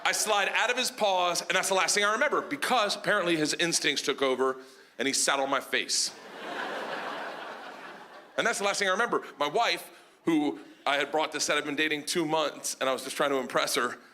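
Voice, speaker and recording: A man telling a story as a stand-up comedian on a club stage, animated and loud, with shouted punchlines and audience laughter behind him. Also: fairly high pitch, brisk. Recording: live stage recording with crowd noise.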